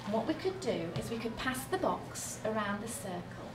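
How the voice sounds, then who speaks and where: Recorded from across a noisy, echoey classroom, a British primary school teacher leads young children through a sound game. Her voice sits on the high side and is very animated, moving at a moderate pace. She encourages the kids warmly, draws out her words, and makes animal and buzzing noises.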